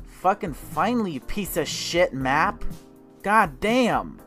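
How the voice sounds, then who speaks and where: High-pitched man raging over a game. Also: big pitch swings, slow pace, fairly bright tone. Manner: angry profane ranting, frequent cursing. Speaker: gamer. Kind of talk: gameplay commentary. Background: game music.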